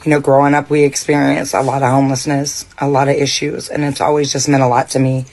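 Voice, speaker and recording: A man calmly recounting how he lost his home and job. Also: medium pitch, fast talker, vocal fry. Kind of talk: personal account.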